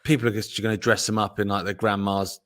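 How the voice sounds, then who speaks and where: A man's voice: fairly low pitch, little pitch movement, fast, fairly bright tone. A man co-hosting a podcast, telling jokey stories in casual banter, often laughing and swearing. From Britain. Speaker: co-host.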